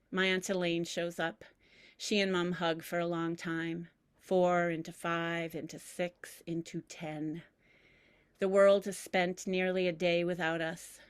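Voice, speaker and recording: A woman reading aloud from her personal memoir, measured and reflective, with deliberate pauses. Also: on the low side, clean tone, no echo. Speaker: memoir reader.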